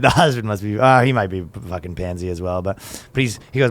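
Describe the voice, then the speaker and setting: A man's voice: on the low side, quick pace, a bit bright. A man co-hosting a casual comedy podcast, riffing profanely and mocking people in put-on voices. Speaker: podcast co-host.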